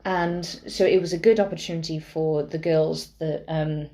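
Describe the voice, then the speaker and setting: A young woman co-hosts a podcast, telling long, chatty anecdotes full of fillers. Her voice sits on the lower side for a woman. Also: steady tone, moderate pace, mellow. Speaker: podcast co-host. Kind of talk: casual chat.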